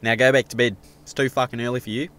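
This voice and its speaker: A man's voice: medium pitch, little pitch movement, fast, very noisy, close to an everyday voice. A man voicing a brash, middle-aged Australian bogan who talks bluntly and swears constantly. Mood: bossy. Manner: swaggering, blunt, heavy swearing.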